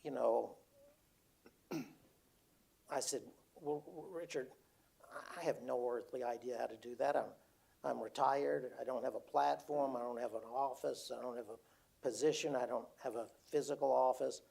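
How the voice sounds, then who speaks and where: An older retired man telling a personal story to an audience, halting and repeating words as he quotes others. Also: medium pitch, gravelly, mellow, husky. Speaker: speaker. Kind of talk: storytelling talk.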